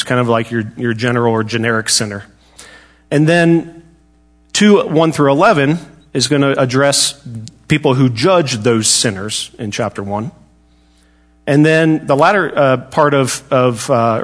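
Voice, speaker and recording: A man teaching a Bible study lesson in a casual, conversational way, joking now and then and often restarting his sentences. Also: medium pitch.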